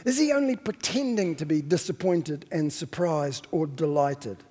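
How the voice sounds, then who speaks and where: A man's voice: fairly high pitch, normal speed, warm tone, breathy edge, long reverb tail. A man preaching a sermon as a pastor, reflective and questioning, sometimes stopping to correct himself.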